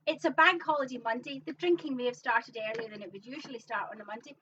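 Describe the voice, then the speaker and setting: A woman co-hosts a live show in a loose, rambling chat full of fillers. Her voice sits on the high side. She sounds set back from a dull-sounding mic, with a faint hiss behind her. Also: animated, quick pace, bright, forceful tone. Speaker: co-host of a live online show. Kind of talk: casual chat. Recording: distant, dull, faintly noisy.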